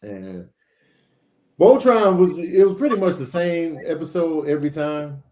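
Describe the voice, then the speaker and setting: A man's voice: on the high side, measured pace. A man on a casual podcast panel, telling stories with energy and acting out what people said. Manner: animated storyteller, acts out what people said.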